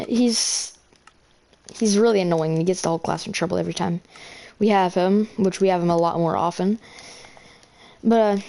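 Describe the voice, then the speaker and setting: A woman's voice: on the low side, vocal fry, dark tone. A teenage girl casually telling a long school story while playing a game, rambling with lots of fillers and restarts. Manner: rambling, filler-heavy, self-correcting.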